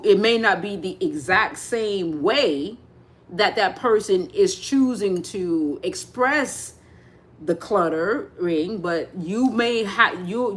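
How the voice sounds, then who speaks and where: A woman's voice: medium pitch, lively intonation, slow. A woman giving a live spiritual talk, rambling with many restarts and speaking straight to her listeners. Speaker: spiritual teacher.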